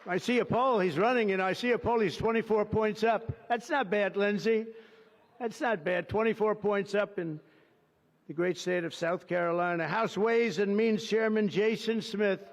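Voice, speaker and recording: Rambling man with a high voice at a podium. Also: steady tone, moderate pace. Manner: rambling, ad-libbed asides heavy with superlatives. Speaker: president addressing a signing ceremony. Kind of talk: off-the-cuff ceremonial speech. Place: outdoor ceremony through a public address system. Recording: dull lo-fi broadcast feed with long reverb.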